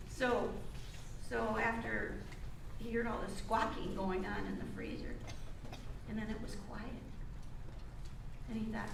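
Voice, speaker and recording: A woman's voice: on the high side, fairly even intonation, unhurried, creaky. A woman telling folksy jokes on stage at an amateur show, with hesitant restarts. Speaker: amateur variety show performer. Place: community hall stage. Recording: roomy hall from far off with noise.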